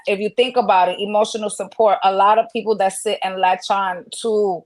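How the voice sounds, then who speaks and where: A woman's voice: mid-range voice, steady tone, a little fast, few pauses, a little mellow, low-quality recording. A woman co-hosting a casual podcast chat, frankly explaining her take on things. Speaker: podcast co-host.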